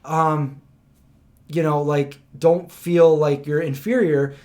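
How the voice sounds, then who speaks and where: A man hosting a livestream, telling stories in a casual, rambling way, full of fillers and animated retellings. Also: on the high side, takes it slowly, a little hiss or hum. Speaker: host of a livestream. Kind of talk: casual storytelling chat.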